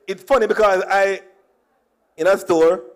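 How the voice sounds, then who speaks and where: A man from Jamaica with a clear Jamaican accent tells funny stories from his life as a conference speaker. He jokes easily and drops into Patois phrases, in a somewhat high voice. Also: steady tone, a little slow. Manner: jokey, slips into Jamaican Patois. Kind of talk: humorous storytelling speech.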